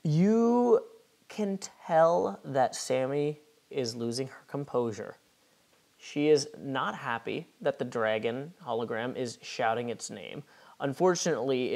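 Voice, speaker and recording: A man running a tabletop role-playing game as game master, describing scenes with wry, quick storytelling asides. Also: mid-range voice, darkish tone.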